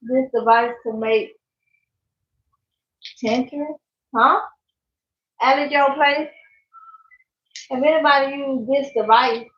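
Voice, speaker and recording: A woman's voice: high-pitched, fairly even intonation, takes it slowly, pauses often. A woman chatting casually on a live stream as a channel host. She laughs often and reads out viewer comments. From Mississippi. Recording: echoey, dull lo-fi sound.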